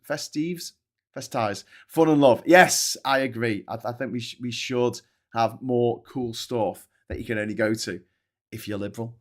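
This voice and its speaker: A man's voice: medium pitch, a bit bright. A middle-aged British man hosting a casual live stream, reading viewer comments aloud, laughing often and swearing freely.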